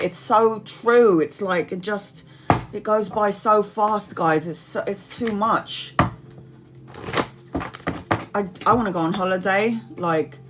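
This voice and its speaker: A woman's voice: mid-range voice, noisy background. Chatty woman rambling on a live stream. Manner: rambling, chatty, laughs often, reads out comments. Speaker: tarot reader hosting a live stream. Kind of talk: casual live-stream chat.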